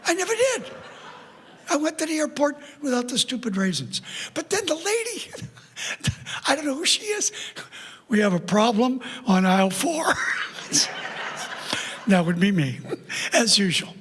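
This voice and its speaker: An older man preaching as a guest speaker, telling a story in an animated way with frequent laughter. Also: very high voice, unhurried, pauses often. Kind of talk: storytelling sermon. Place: church sanctuary. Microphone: PA microphone. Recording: church sanctuary with long reverb.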